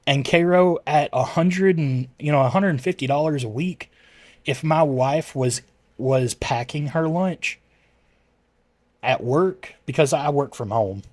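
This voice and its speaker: A man's voice: mid-range voice, darkish tone, no room sound. A man chatting casually with his livestream viewers, rambling and correcting himself as he answers chat messages.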